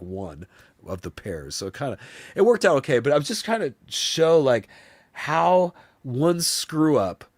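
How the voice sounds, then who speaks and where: A man hosting a live stream, telling a long story to his chat in a rambling, animated way, swearing freely and acting out other people's voices. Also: medium pitch, no room sound, studio quality. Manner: rambling, animated, swears a lot, often says "you know what I mean".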